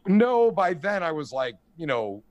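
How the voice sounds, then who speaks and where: Middle-aged male host, very expressive pitch, dry close mic, chatty and profane. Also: a little slow, dry recording, highs cut off. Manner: animated storyteller, swearing, lots of "you know what I mean". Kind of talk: casual chat.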